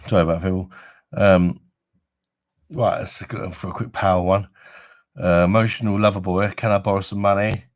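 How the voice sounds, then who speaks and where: A man's voice: low-pitched, fairly even intonation, moderate pace, pauses often. A man chatting casually on a live stream, rambling and swearing freely, with a chesty cough from an infection. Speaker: livestream host.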